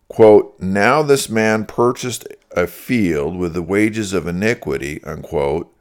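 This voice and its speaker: A man reading a prepared Bible teaching in a measured, methodical way, marking each quotation aloud. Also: fairly low pitch. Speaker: Bible teacher answering critics. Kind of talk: scripted reading.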